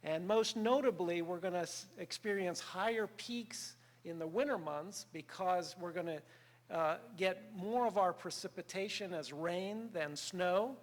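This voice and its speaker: An older man giving a public workshop presentation in an earnest, measured way with many filler sounds. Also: sits high. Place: meeting hall. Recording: reverberant meeting hall.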